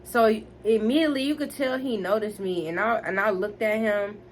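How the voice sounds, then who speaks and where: A woman in her twenties tells a personal story to her viewers in an emphatic, animated way. Her voice sits at a middling pitch. A faint hiss runs under it. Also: normal speed. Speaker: vlogger. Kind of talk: storytime vlog.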